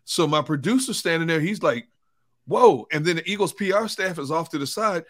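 Bright-voiced man telling a lively story. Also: fairly high pitch, quick pace. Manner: animated storyteller, laughs as he tells stories. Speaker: co-host, sports reporter. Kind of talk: casual sports talk, storytelling.

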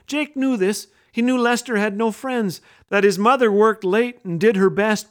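A middle-aged man hosting a radio show, telling a humorous story with wry, self-deprecating jokes. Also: high-pitched.

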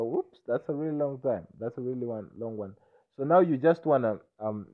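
Tinny-sounding rambling intoxicated man. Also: lowish voice. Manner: rambling, repetitive, stammering restarts, keeps asking "you understand me?". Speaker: self-recording monologuist. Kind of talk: rambling self-recorded monologue.

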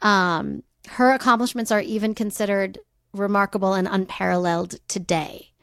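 A woman co-hosting a podcast, telling a story in casual chat, animated and often laughing. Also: medium pitch, moderate pace, vocal fry, no room sound, studio quality. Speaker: podcast co-host.

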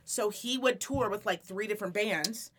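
A woman's voice: mid-range voice, moderate pace, fairly bright tone. A woman hosting a podcast, telling stories in casual chat, swearing freely and laughing often. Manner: profane, laughing storyteller. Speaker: podcast host.

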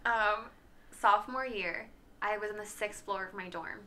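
Bright-voiced young woman telling a story. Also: mid-range voice, moderate pace. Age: young adult. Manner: animated storyteller, heavy use of "like". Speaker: podcast co-host. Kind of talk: casual chat.

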